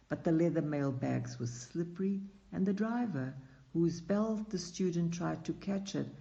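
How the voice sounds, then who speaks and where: Man, audiobook narration, slow pace, gravelly fry, dull recording. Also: on the high side, dark tone. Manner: slow, unhurried reading with acted dialogue.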